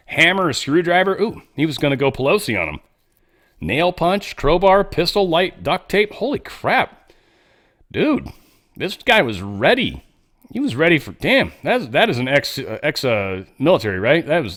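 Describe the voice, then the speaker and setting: A man's voice: on the high side, fairly bright tone. A man hosting casual political commentary, blunt and rambling, with swearing and off-the-cuff asides. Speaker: host.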